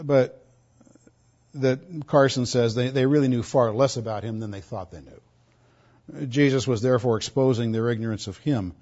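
A pastor preaching an expository sermon, stressing points loudly and then dropping to quiet asides. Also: male voice, mid-range voice, dull audio. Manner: emphatic, swinging between loud stresses and quiet asides.

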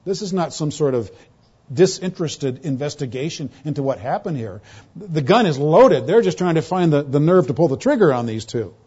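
A man's voice: expressive, moderate pace, breathy edge. Emphatic preacher man, dull lo-fi recording. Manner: emphatic, rising to loud pointed quotes then dropping to hushed lows. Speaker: pastor. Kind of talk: expository sermon.

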